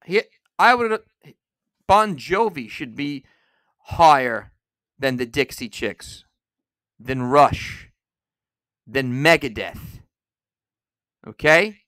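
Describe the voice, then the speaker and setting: A man hosting a podcast alone, delivering an angry, profane rant that bursts into shouting. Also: fairly high pitch, lively intonation, extremely slow, long pauses, dry recording, clean studio sound. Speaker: podcast host. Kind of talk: solo ranting podcast.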